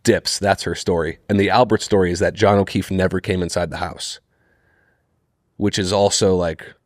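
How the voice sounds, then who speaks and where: A young man co-hosting a podcast tells a story in animated, casual chat and swears freely. His voice sits a bit low, in a dry room. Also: moderate pace, no echo. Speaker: podcast co-host.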